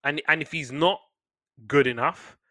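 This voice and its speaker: Male co-host, bright edgy voice, dry close sound, lively sports chatter. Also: a little slow, no room sound. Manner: animated, gets loud and high when excited. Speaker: podcast co-host. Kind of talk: casual sports chat.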